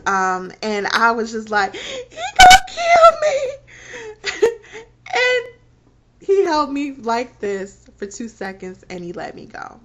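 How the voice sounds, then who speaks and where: A woman in her thirties frankly telling a personal story on her vlog, animated and laughing between phrases. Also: fairly high pitch, heavy background noise. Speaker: vlogger. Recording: dull lo-fi recording.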